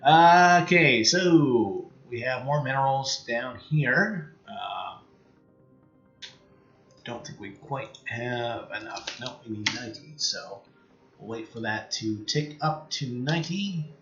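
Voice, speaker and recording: Bright-voiced Canadian man thinking aloud. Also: medium pitch, lively intonation, slow, roomy sound, lo-fi sound, faint music behind. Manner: thinks aloud, many fillers and trailing-off sentences. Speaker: let's play streamer. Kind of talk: casual game commentary.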